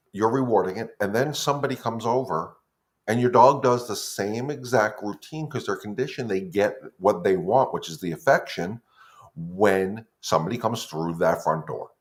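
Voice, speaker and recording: Chatty low-voiced man on a live stream. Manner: chatty, loose, greets viewers by name mid-thought. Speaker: dog trainer hosting a live Q&A stream. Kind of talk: casual live-stream talk to viewers.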